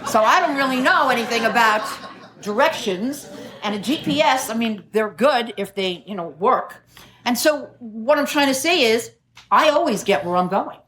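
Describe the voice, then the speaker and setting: At an AA meeting, a middle-aged New York City woman shares with wry self-mockery and frequent laughter. Her voice is a little high, expressive and a bit bright, at a moderate pace.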